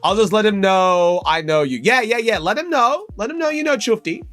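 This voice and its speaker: A young Australian man hosting a casual live stream, chatty and excitable, calling viewers mate and bro and breaking into loud, high exclamations. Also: normal speed. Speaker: live stream host opening trading card packs.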